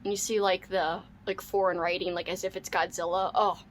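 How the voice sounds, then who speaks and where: A woman's voice: fairly low pitch, level tone, a little fast. A young woman book vlogger unboxing mail in casual chat, gushing and squealing with delight, saying "like" and "oh my god" often.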